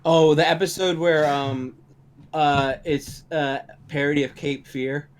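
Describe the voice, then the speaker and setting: A man's voice: on the high side, unhurried, a little hiss or hum. A young man co-hosting a podcast, chatting casually and retelling scenes with lots of laughter. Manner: laughing, animated storytelling. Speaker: podcast co-host. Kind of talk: casual chat.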